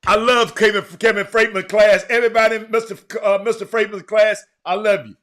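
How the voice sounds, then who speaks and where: High, bright-voiced livestream host. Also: male voice, brisk. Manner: animated, teasing the chat, frequent repeats and restarts. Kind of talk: casual livestream chat reading viewer comments.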